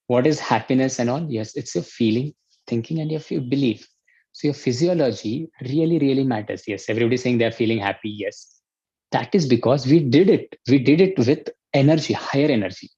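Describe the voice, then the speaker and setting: Indian male coach, husky voice, dry dull audio, energetic and pushy. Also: mid-range voice, no echo. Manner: energetic, urging, repeats commands. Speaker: life coach. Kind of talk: online workshop teaching.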